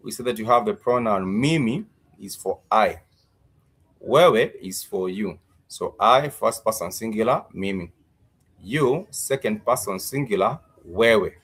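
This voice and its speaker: A man teaching Swahili words in a live-streamed lesson, slowly repeating each word and its meaning, with many fillers. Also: lowish voice, fairly bright tone.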